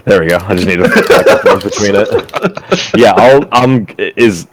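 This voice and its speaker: Hesitant low-voiced man at a game table. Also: normal speed, noisy background. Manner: hesitant, apologetic, many restarts. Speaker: player. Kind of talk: casual chat at a tabletop game.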